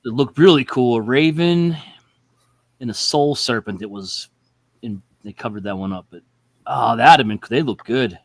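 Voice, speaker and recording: A man co-hosting a casual collector chat, talking in an animated way with laughs and quick asides. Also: mid-range voice, no echo. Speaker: co-host.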